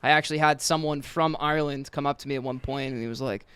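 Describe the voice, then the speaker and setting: A man's voice: mid-range voice, steady tone, fast talker, fairly bright tone, smooth, no room sound. A man co-hosting a podcast in casual chat, laid-back and swearing, saying "bro" a lot. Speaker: podcast co-host and DJ.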